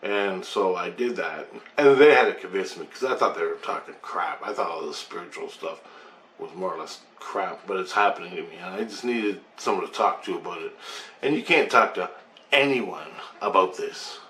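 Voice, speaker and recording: A man's voice: low voice, normal speed, a bit bright. A man casually telling a personal story in a loose, rambling way, with swearing and asides. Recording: roomy echo, faint background hum.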